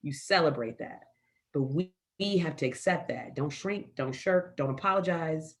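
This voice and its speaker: A woman's voice: deep voice, moderate pace. Emphatic, impassioned woman panelist. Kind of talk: forum panel talk.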